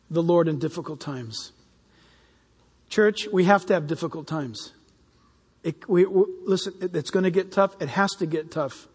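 An older man preaching a sermon to his church, animated and jokey, acting out little voices. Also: high-pitched, breathy edge. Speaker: pastor. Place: church hall. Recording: reverberant hall.

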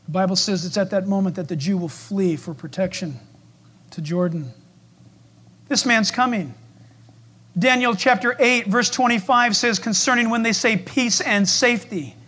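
A man preaching a sermon, swinging between loud declarations and hushed asides, acting out voices and asking the congregation questions. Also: high-pitched, breathy edge.

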